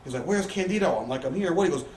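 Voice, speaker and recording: Speaking very fast in an expressive, darkish mid-range voice, a man rambles through profane, candid anecdotes as an interview guest, frequently voicing what others told him. It's recorded in a living room, and the sound is distant and roomy with a faint hiss behind it.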